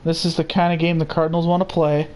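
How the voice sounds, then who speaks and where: A young man calling a baseball game play by play, steady and unhurried, with casual asides. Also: on the high side, slight background noise. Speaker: play-by-play commentator. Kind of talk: simulated baseball commentary.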